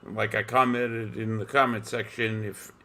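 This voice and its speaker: A man's voice: on the low side, level tone, a little slow, sharp tone. A man joining a livestream as a guest, rambling and stumbling over his words. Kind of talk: casual livestream chat.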